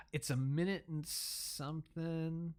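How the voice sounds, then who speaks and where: A man's voice: on the high side, steady tone, takes it slowly. A man hosting a reaction video, rambling casually with frequent laughs and swearing. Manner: rambling, profane, laughs often. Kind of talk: casual commentary over video clips.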